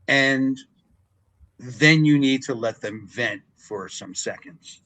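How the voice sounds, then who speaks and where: Speaking slowly at a medium pitch, this older man, a wrestling ring announcer, is an interview guest swapping casual stories. He brings them to life by performing the remembered dialogue.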